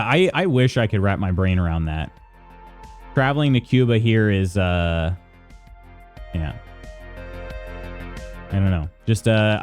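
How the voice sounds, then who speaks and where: A casual American man hosting a live stream, talking to his viewers in a loose, rambling way. His pitch leaps around with a lot of life, and faint music plays underneath. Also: a little mellow. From United States. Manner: chatty, greets viewers by name, reads chat aloud.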